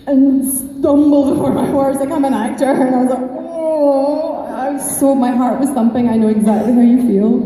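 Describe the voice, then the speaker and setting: A woman's voice: fairly high pitch, warm tone. A woman, an actress chatting and joking with fans on a convention panel, laughing often into a handheld microphone. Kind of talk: casual, playful panel chat with fans. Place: large convention hall. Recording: echoey hall with long reverb.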